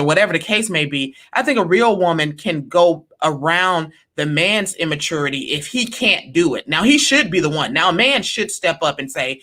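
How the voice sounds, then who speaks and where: A woman's voice: on the low side, a little fast. A woman co-hosting a podcast in casual chat, talking emphatically and acting out what other people say. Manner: animated, emphatic, acts out quoted voices. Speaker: podcast co-host.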